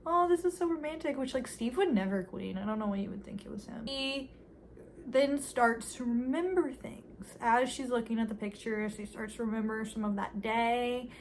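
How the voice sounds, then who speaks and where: A woman's voice: on the high side, normal speed, a little hiss or hum. A woman casually recapping a movie's plot for a review, telling it in a chatty, filler-heavy way with wry asides.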